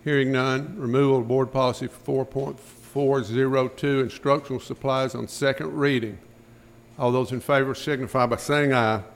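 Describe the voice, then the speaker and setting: A man chairing a school board meeting, running through motions and votes in a brisk, routine manner. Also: mid-range voice, steady tone. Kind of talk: formal meeting procedure.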